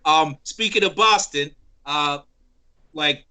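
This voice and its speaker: Co-host, man, halting and curious questions, sharp bright tone, slightly high. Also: clear, resonant tone. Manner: halting, curious, laughs easily. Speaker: podcast co-host. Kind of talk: casual chat.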